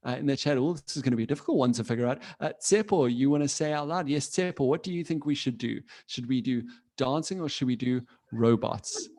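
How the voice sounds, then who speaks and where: A man's voice: medium pitch, darkish tone. A man teaching children in a live online class over a video call. He sounds friendly and encouraging, laughs often and talks casually with restarts.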